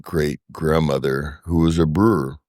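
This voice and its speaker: A brewery co-founder with a very deep voice is a relaxed, unhurried guest on a podcast, chatting in casual interview style. While he searches for a name he tends to repeat a word or two. The recording is dry and close, with no echo or room sound.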